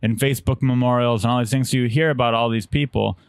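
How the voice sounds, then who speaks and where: A man's voice: mid-range voice, fairly even intonation, fast talker, clear, resonant tone, no echo. Laid-back joking man, dry sound. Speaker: comedian. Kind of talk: casual podcast chat.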